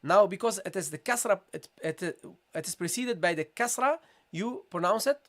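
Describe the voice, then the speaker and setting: A man teaching a live online recitation lesson, patiently repeating questions to viewers and modelling sounds slowly. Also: sits high, expressive, a bit bright.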